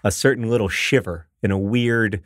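A man's voice: on the low side, normal speed, fairly bright tone, no room sound, studio quality. A man in his forties co-hosting a podcast in casual chat, wry and rambling, laughing easily. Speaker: podcast co-host.

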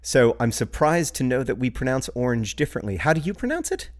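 A man with a Midwestern American accent co-hosting a podcast, joking in a playful, deadpan way and laughing easily. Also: mid-range voice, fairly quick. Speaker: podcast co-host. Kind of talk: casual chat.

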